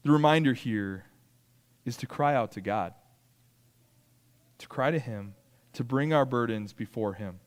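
A man preaching a sermon, animated, acting out quoted complaints and asking the congregation "right?" as he goes. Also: medium pitch, measured pace, pauses often, in a large hall. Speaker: pastor.

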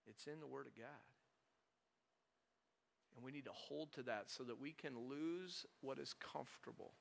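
A male pastor preaching a conversational sermon, animated and full of rhetorical questions to the congregation. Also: medium pitch, moderate pace, gravelly, slight background noise.

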